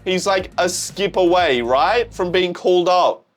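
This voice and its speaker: A young man with an Australian accent, excitedly reacting to a manga, swearing often and calling things crazy. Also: sits high, a little slow, soft background music. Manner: excitable, swears, says "bro" a lot. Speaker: manga reaction channel host.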